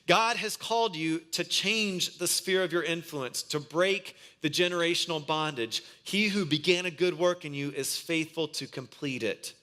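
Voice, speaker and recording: A man's voice: on the high side, normal speed, hardly any pauses, sharp tone. A man in his thirties, a pastor preaching a sermon, earnest and mixing in a humorous family story.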